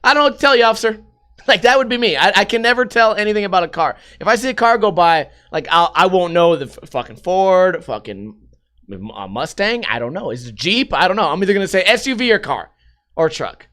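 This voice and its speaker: Young dude podcasting, high voice, cussing and rambling, acting out bits. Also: male voice, animated, fairly quick, fairly bright tone. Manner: profane, rambling, acts out voices. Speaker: podcast host. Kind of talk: casual comedic commentary.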